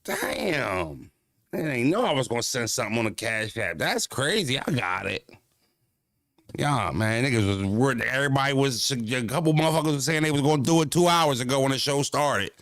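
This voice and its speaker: A man's voice: mid-range voice, fairly quick, a bit bright, no room sound, clean studio sound. A man hosting a livestream, telling stories in profane, slangy street talk and talking straight to his viewers. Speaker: livestream host. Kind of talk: casual livestream chat.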